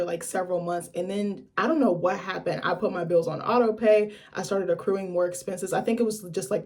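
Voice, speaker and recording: Chatty, profane woman vlogger. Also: on the low side. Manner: chatty, blunt and profane, lively asides. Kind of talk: casual chat to camera.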